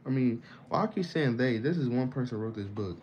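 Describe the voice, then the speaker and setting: A man's voice: mid-range voice, lively intonation, fairly quick. Slangy, profane young man ranting. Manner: slangy, profane, rambling with sudden loud bursts. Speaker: vlogger. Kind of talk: casual unscripted rant. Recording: slightly dull lo-fi with faint hiss.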